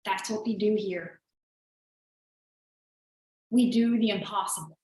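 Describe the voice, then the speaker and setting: A woman business coach with a medium-pitched, darkish voice speaks slowly while hosting a live show. It's earnest, chatty motivational talk with lots of "like", recorded in a very echoey room.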